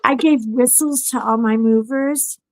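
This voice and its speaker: A woman podcast host telling a story in casual chat, animated and acting out what people said. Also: a little high, measured pace, no room sound, low-quality recording. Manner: animated storyteller who acts out quotes.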